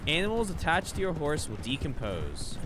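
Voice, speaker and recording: A man's voice: a little high, huge pitch swings, normal speed, background noise. Playful man streaming a game. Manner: playful, rambling, talking to chat. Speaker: live streamer. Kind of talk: casual gaming commentary.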